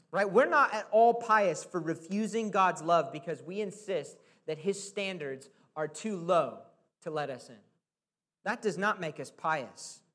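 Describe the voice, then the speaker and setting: A man's voice: high voice, fairly bright tone. A male preacher giving a conversational, earnest sermon, often checking in with the listeners.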